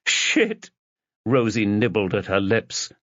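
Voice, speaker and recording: A man narrating a mystery novel as an audiobook in an expressive reading. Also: on the low side, measured pace, no echo. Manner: expressive reading, voices the characters. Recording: dull, dry lo-fi recording.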